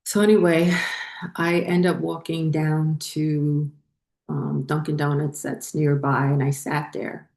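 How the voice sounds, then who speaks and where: A woman talks through her own story, slow and unhurried, often pausing on ums and correcting herself as she goes. Her voice sits low and mellow. The room around her gives it a noticeable echo. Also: level tone, creaky. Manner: rambling, frequent ums and self-corrections. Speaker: spiritual channel host. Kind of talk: casual personal storytelling.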